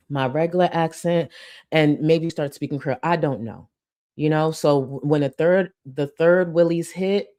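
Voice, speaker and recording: A woman's voice: deep voice, mellow. A young woman hosting a casual commentary livestream, chatting and reading out supporter messages. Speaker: livestream host.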